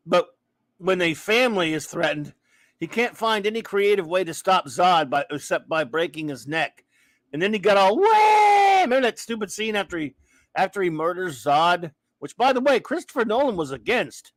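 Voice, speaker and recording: A man with a high, slightly bright voice and lively intonation speaks at a moderate pace, with no room sound. As host of a casual live chat show, he rants, restarts sentences, and breaks off to read viewer comments aloud.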